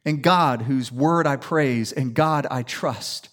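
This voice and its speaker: A man from the Atlanta area preaching a sermon in a church, telling stories and building up to loud declarations. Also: medium pitch, slow pace. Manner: animated storytelling, rising to loud declaration. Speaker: pastor. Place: church sanctuary.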